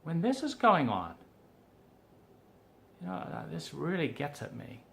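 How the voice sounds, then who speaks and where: A man speaking in a gravelly, fry-laden voice that is pushed and tense. He gives personal testimony for a documentary, sounding frustrated, urgent and pleading as he talks. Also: on the high side, wildly swooping pitch, unhurried, fairly bright tone, a little hiss or hum. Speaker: documentary subject.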